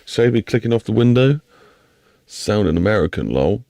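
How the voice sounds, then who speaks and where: Low gravelly English man live-streaming. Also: sing-song, moderate pace, warm tone, no room sound, clean studio sound. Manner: rambling, chatty, talks to himself and to chat. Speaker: livestreamer building a game map. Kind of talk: casual live-stream chat.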